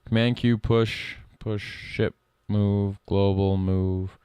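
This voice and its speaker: A middle-aged man streaming live code work, reading lines aloud and thinking out loud in a casual way. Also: on the low side, level tone, slow pace, clear, resonant tone, dry recording. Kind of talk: casual live-coding commentary.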